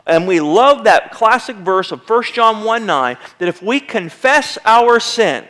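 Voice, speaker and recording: A man's voice: high voice, a bit bright. A male pastor preaching a sermon to his church in a conversational way, acting out short quoted voices now and then. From United States. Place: church sanctuary.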